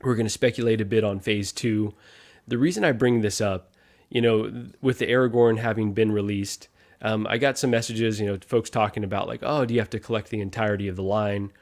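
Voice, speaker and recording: A man's voice: on the low side, fairly even intonation, brisk. A man hosting a casual live stream, upbeat, greeting viewers one by one and chatting with co-hosts.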